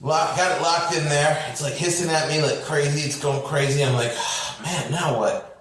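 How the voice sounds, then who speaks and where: Male podcast host, lively storyteller who acts out every voice; roomy, distant recording. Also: moderate pace, slight background noise. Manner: acts out voices with big swings in pitch. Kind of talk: animated storytelling in casual chat. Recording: roomy and off-mic.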